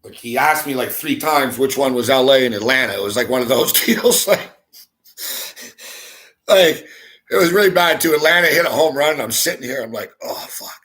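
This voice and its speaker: A man's voice: medium pitch, normal speed, fairly bright tone. A man hosting a sports talk show, telling a story in a casual, profane, exasperated rant and laughing often. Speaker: sports talk radio host.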